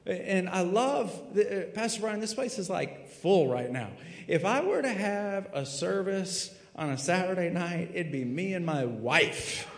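A man preaching a sermon in a full church sanctuary, swinging dramatically from hushed tones to shouting. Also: high voice, gravelly. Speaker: pastor. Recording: echoey hall reverb.

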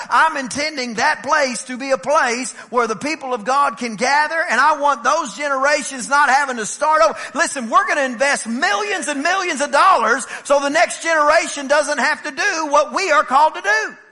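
A middle-aged man preaching a sermon as pastor, emphatic and swinging from loud declarations to low, intimate asides. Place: church sanctuary. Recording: long hall reverb in a church.

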